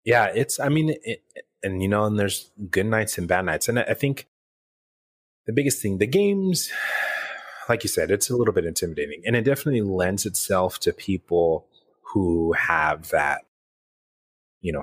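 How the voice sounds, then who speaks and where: Male co-host, deep voice, dry close sound, rambling casual talk. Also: expressive, moderate pace, breathy edge, no room sound. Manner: rambling, many restarts and fillers. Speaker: podcast co-host and game master. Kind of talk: casual chat.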